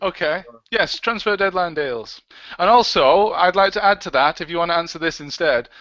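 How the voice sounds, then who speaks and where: A man's voice: sits high, moderate pace, sharp tone, no echo. A man co-hosting a casual livestream, joking and reading out comments and tweets. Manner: jokey, reads out comments and tweets. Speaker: livestream co-host. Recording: dull, lo-fi dry sound.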